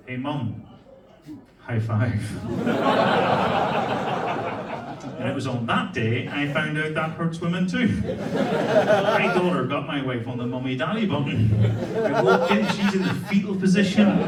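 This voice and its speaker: A male Irish stand-up in his forties performs live, telling stories and ribbing the crowd in a brash, foul-mouthed manner. His mid-range voice comes through a distant mic in an echoey venue, with audience laughter around him.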